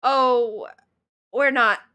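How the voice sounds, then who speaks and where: A woman's voice: on the high side, steady tone, extremely slow, sharp tone, clear, resonant tone. A young woman streamer chatting playfully to herself and laughing often while playing a video game live.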